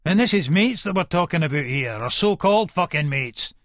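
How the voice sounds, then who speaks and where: A volatile Edinburgh hardman, played by a man, narrates an audiobook in a thick Scots accent, aggressive and swearing in every breath. His voice sits a touch high for a man. The recording is close and dry, with no room sound. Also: lively intonation, brisk, no echo, close to an everyday voice. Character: volatile violent Edinburgh hardman, paranoid and foul-mouthed. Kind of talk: first-person audiobook narration.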